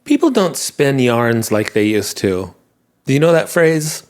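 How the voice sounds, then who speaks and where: A man's voice: medium pitch, big pitch swings, unhurried. A man hosting a podcast, talking in a casual, rambling monologue and laughing at himself. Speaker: podcast host answering listener messages.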